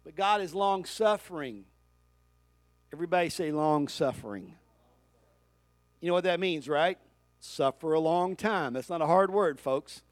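A man's voice: fairly high pitch, expressive, a little slow, pauses often, no echo. A man preaching a sermon as pastor, talking straight to his congregation and calling for their responses.

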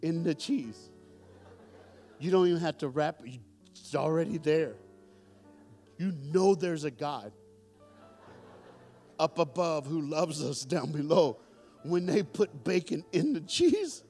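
Slow and pausing often, a middle-aged preacher with a fairly high voice tells stories in a sermon to a live church hall crowd, with soft music in the background. He jokes animatedly and calls out to listeners.

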